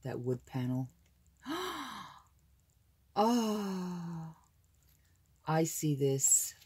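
This older woman from the United States runs a casual crafting channel, and she gushes and gasps happily as she unboxes papers. She speaks in a bass register that sounds mellow and husky.

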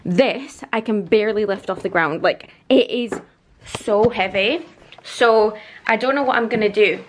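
A young woman, chatting excitedly to a handheld camera in a casual vlog and laughing often. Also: mid-range voice, unhurried, slight background noise. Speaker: vlogger.

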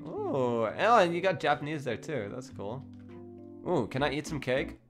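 Giggly, excitable young man streaming. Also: a little high, normal speed. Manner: giggly and excitable, thinking aloud to viewers. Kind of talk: casual game-stream chatter. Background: faint background music.

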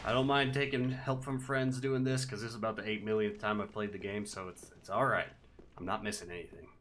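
A man with a bright, forceful voice commentates his game live, bursting into shouts at foes and warmly thanking viewers. A faint hiss sits under the recording. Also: fairly low pitch, fairly quick. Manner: excitable, yelling at enemies and thanking viewers. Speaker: streamer. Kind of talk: live gameplay stream commentary.

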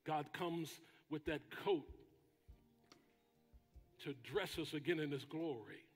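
A man preaching a sermon as pastor, with dramatic pauses and bursts of shouting. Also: on the high side, breathy edge, in a large hall, soft background music. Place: church sanctuary.

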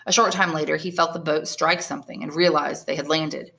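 A woman, an English teacher, reading a classic novel aloud in clear, measured narration. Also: low-pitched, fairly even intonation, a bit bright. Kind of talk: audiobook reading.

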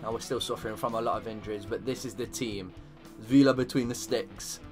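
A man commentating his own football video game, getting excitable and shouting at the big moments. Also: fairly low pitch, fairly quick, soft background music. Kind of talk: gaming commentary.

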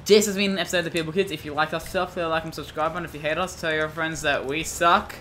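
A man's voice: on the high side, steady tone, fast talker, pushed and bright, faint music behind. A man co-hosting a gaming channel, chatting casually through gameplay and trading mock threats and yelps.

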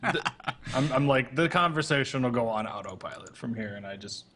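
A man's voice: mid-range voice, animated, fairly quick, a bit bright, a little hiss or hum. A man hosting a casual podcast on a voice call, rambling and hesitant, swearing casually. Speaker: podcast host. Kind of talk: casual chat. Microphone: computer mic on a voice call.

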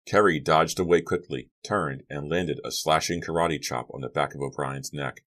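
Very deep-voiced male audiobook narrator. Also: moderate pace, a bit bright. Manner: reads a teen horror novel, raising pitch and volume for characters' lines.

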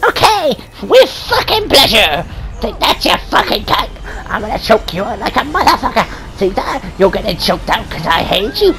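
A woman co-playing a story game, crude and teasing, laughing and swearing as she talks. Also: mid-range voice. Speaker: co-player voicing a ghost companion. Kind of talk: profane casual gameplay chat.

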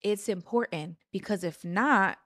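A woman's voice: mid-range voice, a little slow, fairly bright tone, no room sound, clean studio sound. A woman co-hosting a podcast with her husband, speaking earnestly and personally, with rising emphasis. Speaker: podcast co-host. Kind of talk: casual conversational podcast.

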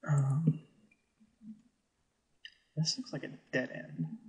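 Narrating his own gameplay, a man gives dry, thoughtful commentary as a let's play host. His voice leans high and darkish with a breathy edge, fairly even intonation, and drawn-out words. The recording is rough.

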